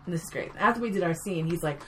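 Blunt, animated woman telling a story. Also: fairly low pitch, racing. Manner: animated and blunt, swears freely, swings loud when excited. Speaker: podcast guest, actor. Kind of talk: casual storytelling chat.

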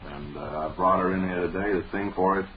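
A very low-voiced man hosts a 1940s radio show, reading listener mail in a dry, mock-earnest deadpan. The broadcast sounds dull and dated, with a faint hiss underneath. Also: fairly quick. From Lowell, Massachusetts. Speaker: radio host.

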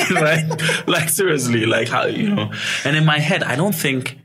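Husky-voiced man from Ghana telling stories. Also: mid-range voice, a little slow. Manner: animated, acts out voices, laughs often. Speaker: guest. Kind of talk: storytelling interview.

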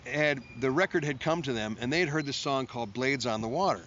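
Fairly quick and fairly bright, a man's medium-pitched voice carries a casual studio anecdote from his work as a musician. He rambles, self-mocks and performs the quotes of those involved. The audio is dull lo-fi with a faint noise floor.

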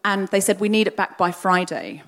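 A middle-aged woman, a podcast host, tells a comic personal story on stage before a live audience, lively and acting out the people in it. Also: mid-range voice, brisk. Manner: lively, animated, acts out the other voices in her story.

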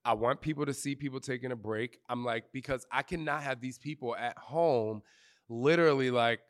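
Man, animated storyteller, slangy, curses, acts out quotes, live group Q&A. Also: mid-range voice, moderate pace. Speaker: fitness trainer interviewee. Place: outdoor retreat gathering.

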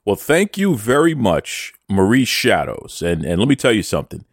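A man's voice: fairly low pitch, big pitch swings, moderate pace, no echo, studio quality. A man hosting a podcast, reading out listener messages with playful mock bravado and talking about himself in the third person. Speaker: podcast host.

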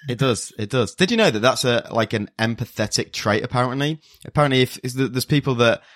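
A man's voice: mid-range voice, lively intonation, fast, a bit bright, no echo. A man co-hosting a casual podcast, rambling and self-deprecating with playful swearing. He sounds drowsy and a little worn from hay fever pills. His voice is recorded close and dry, with no room sound. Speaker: podcast co-host. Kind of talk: casual chat.

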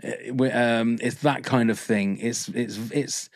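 A man's voice: mid-range voice, fairly even intonation, measured pace, dry recording. Man, casual film chat, rambling, enthusiastic, dry sound. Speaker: podcast co-host.

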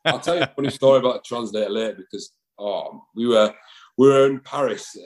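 A man's voice: mid-range voice, fast talker, darkish tone, rough recording. A man, a rugby player chatting casually in an interview, rambling with lots of fillers and restarts. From England.

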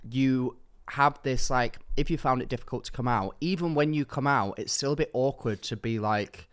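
A man's voice: mid-range voice, moderate pace, smooth. A man co-hosting a podcast, chatting in a camp, playful, jokey way. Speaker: podcast co-host. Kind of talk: casual chat.

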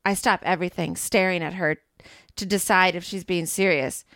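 A woman doing a low, sultry romance hero. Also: fairly even intonation, moderate pace, fairly bright tone, no room sound. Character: cocky confident male romance lead. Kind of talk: reading a romance novel aloud in a put-on man voice.

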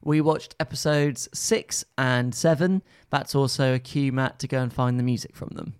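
A man's voice: mid-range voice, steady tone, normal speed, smooth. A man, co-hosting a casual podcast chat, laughing easily and mimicking characters. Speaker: podcast co-host.

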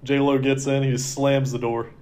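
A man's voice: medium pitch, little pitch movement, moderate pace, darkish tone. A man co-hosting a podcast in casual chat, talking in a rambling, laid-back way. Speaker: podcast co-host.

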